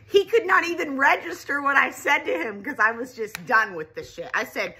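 Girl ranting a storytime on her vlog, kinda high, bright, husky voice, fed up and animated. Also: moderate pace. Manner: exasperated, animated, swearing. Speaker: vlogger.

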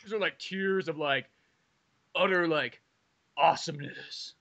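A man's voice: a little high, unhurried, a bit bright, dull audio. A man joking around as a podcast guest, playful and profane. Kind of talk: casual comedic banter.

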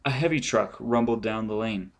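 A man's voice: lowish voice, moderate pace. Man narrating a dramatic audiobook. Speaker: audiobook reader.

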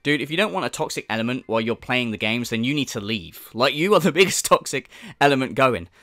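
Sweary sarcastic man, lively pitch. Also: fast talker, dry recording, faint music behind. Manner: sarcastic, sweary, mimics in exaggerated voices. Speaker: commentary channel host. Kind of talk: mocking commentary.

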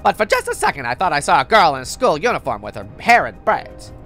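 A woman voicing a blunt, swearing teenage delinquent girl in a video game, with a low, dismissive drawl. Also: very animated, quick pace, fairly bright tone, soft background music. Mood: gruff.

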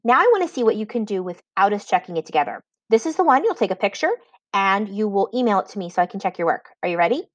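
A woman teacher giving a spelling lesson, dictating words slowly and patiently with clear enunciation. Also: mid-range voice, sing-song, no room sound, lo-fi sound.

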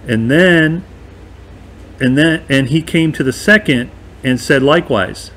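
A man's voice: mid-range voice, measured pace, a bit bright, slight background noise. A man teaching a verse-by-verse bible study in a conversational, emphatic way, often checking in with his listeners.

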